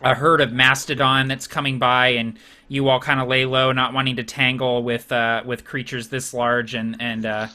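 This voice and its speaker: A man's voice: medium pitch, little pitch movement, moderate pace, pushed and bright. A man narrating a tabletop game as game master in a casual way, with frequent fillers and restarts.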